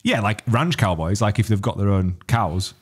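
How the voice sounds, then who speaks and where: A man's voice: lowish voice, expressive, normal speed, slightly rough. A man co-hosting a casual podcast, trading teasing, sweary banter. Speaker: podcast co-host.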